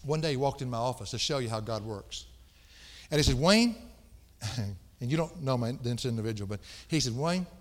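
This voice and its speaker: A middle-aged man delivers a homespun sermon in an ordinary mid-pitched voice. He swings from loud, emphatic bursts to quiet, confiding asides. His words ring out with a long echo, as if in a large church hall. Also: fairly quick. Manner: folksy, emphatic preaching that swings between loud outbursts and hushed asides. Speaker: pastor.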